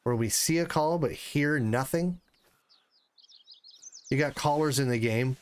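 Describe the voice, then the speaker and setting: The speaker is a man in his thirties livestreaming a hunting game, casually chatting and cursing when the game gets to him. His mid-range voice is clear and resonant, measured in pace, with no room sound.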